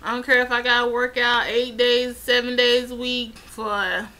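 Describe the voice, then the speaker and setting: A woman's voice: on the high side, little pitch movement, normal speed, bright, forceful tone, poor audio. A young woman chatting casually in a vlog, rambling and getting heated as she retells events. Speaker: vlogger.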